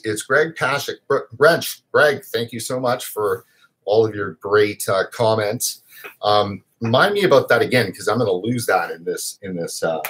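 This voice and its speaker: A man's voice: medium pitch, fairly bright tone, husky. A man hosting his own vaping news show, talking casually and emphatically on a live stream, rambling with fillers and restarts.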